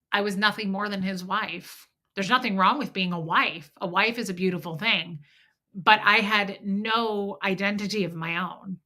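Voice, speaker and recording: A middle-aged woman hosts a casual livestream, chatting candidly and rambling while greeting viewers by name. She sounds a bit stuffy-nosed, and her medium-pitched voice comes across pushed and bright.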